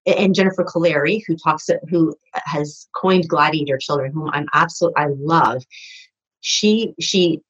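Low husky-voiced woman, lo-fi. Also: moderate pace, a bit bright. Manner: rambling, with many restarts and fillers. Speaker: podcast guest. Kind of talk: conversational interview.

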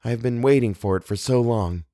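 A man's voice: medium pitch, brisk, mellow, dry recording, studio quality, lightly acted. A man voicing a hopeful, anxious young woman in a storybook reading, speaking in a wondering, breathless way. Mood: dreamy.

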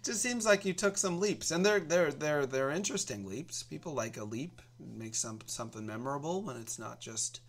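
A man's voice: on the high side, animated, normal speed, hardly any pauses. A man in improvised comedy banter, hesitant and stammering as he protests.

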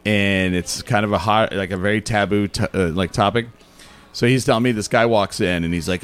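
Guy from albuquerque rambling thru a bar story, lowish voice, lots of likes and ums. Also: normal speed, smooth. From Albuquerque, New Mexico. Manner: animated storyteller acting out quotes, many fillers. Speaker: podcast guest. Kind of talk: casual storytelling chat.

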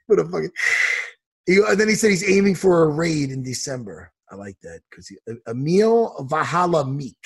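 A man's voice: fairly high pitch, very animated, normal speed, gravelly, breathy edge. A man, an MMA coach, chatting casually on a podcast, ranting heatedly and swearing a lot. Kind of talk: casual chat.

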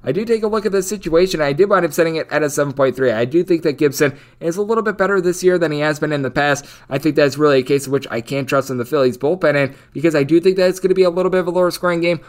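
A man giving a rapid, numbers-heavy baseball betting preview as a sports betting analyst. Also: fairly high pitch. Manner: rapid, numbers-heavy delivery with a recurring stock phrase.

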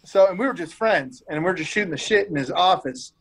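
Laid-back slangy man, a bit high. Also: animated, fairly quick. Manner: rambling storyteller who repeats himself. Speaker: guest storyteller. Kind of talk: casual podcast chat.

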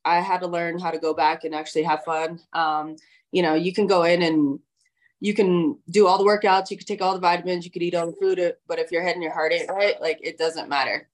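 A woman guest in a casual interview, relaxed and easygoing with many fillers. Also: fairly low pitch, brisk. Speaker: guest athlete.

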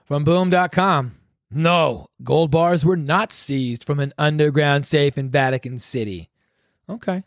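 A man hosting his own podcast, tearing through a foul-mouthed, sarcastic, rambling rant. His voice sits on the higher side for a man, and the recording is dry and close. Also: measured pace, no room sound. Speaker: podcast host. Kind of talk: solo ranting commentary.

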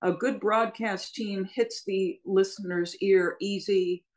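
A woman broadcaster chatting on a podcast, emphatic as she tells a story. Her voice sits at an ordinary middle pitch, and she laughs now and then between lines. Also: fairly even intonation, takes it slowly, poor audio. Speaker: sports broadcaster. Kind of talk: casual podcast chat.

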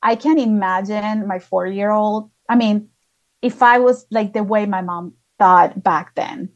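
Woman guest, mid-pitch, chatty storyteller with lots of "like" fillers. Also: unhurried, lo-fi sound. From outside the United States. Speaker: guest, spiritual healer and channeler. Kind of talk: casual conversational storytelling.

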